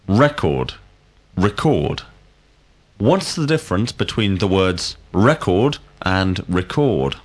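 A male language teacher, asking drill questions slowly and clearly. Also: low-pitched, lively intonation. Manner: slow, deliberate, clearly enunciated questions. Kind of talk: scripted drill lesson.

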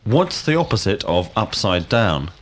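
A man leads a scripted drill. His questions come slowly and deliberately, with a lively rise and fall of pitch. His voice sits a little low. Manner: slow, deliberate, clearly enunciated questions. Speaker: language teacher.

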